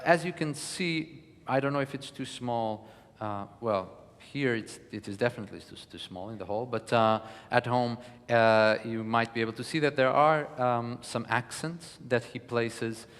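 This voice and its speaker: A man's voice: mid-range voice, a bit bright. Hesitant male lecturer in a hall. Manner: hesitant, many fillers and restarts. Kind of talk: live lecture. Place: concert hall. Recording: long reverb of a hall.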